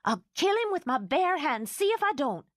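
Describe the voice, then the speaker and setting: A woman voicing a fierce, protective older housekeeper who talks in indignant, excitable outbursts. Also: medium pitch, moderate pace, no echo, studio quality, pitched above the performer's own voice, close to an everyday voice. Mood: outraged.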